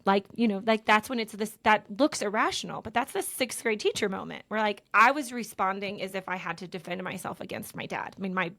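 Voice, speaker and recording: A woman's voice: medium pitch, brisk, few pauses, sharp tone. A woman guest on a podcast, a couples counselor, telling stories animatedly and acting out both sides of an argument. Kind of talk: conversational podcast interview.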